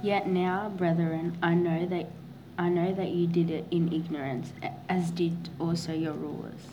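A woman reading a Bible passage aloud in a steady, plain way for a class. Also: on the low side, unhurried, highs cut off, noisy background. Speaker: scripture reader.

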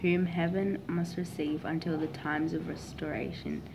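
A woman reading a Bible passage aloud in a steady, plain way for a class. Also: sits low, moderate pace, noisy background. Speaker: scripture reader.

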